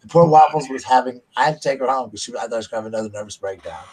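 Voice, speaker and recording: Man, husky voice, chatty vlogger who laughs at his own tales. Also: mid-range voice, very fast, darkish tone, rough recording. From United States. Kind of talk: casual storytelling.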